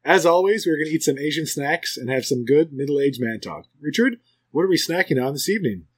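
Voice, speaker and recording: A man's voice: a little high, lively intonation, fairly quick. Joking middle-aged male podcast host. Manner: joking, laughs often. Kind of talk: casual chat.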